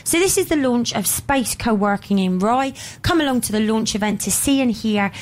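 A woman's voice: on the high side, lively intonation, normal speed. A woman co-hosts a casual radio show, chatty and upbeat. She reads out event listings between the banter. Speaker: radio co-host.

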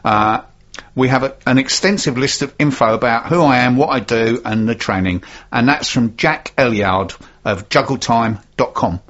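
A man co-hosts a casual radio show and reads listener tweets aloud with a dry, joking air. His voice is a little husky. The recording sounds dull and lo-fi. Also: medium pitch, a bit bright. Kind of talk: casual local radio chat.

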